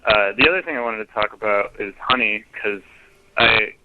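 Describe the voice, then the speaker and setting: A man's voice: lowish voice, moderate pace. A man leaving a casual, profane voicemail rant, full of fillers and restarts, heard over a phone line. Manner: profane, hesitant with many fillers. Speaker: voicemail caller. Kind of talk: casual ranting phone message.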